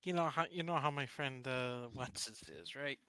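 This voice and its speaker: A man's voice: medium pitch, normal speed, sharp tone, smooth, no room sound. A man playing his character in a tabletop game, casual and chatty, often restarting sentences. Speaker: player.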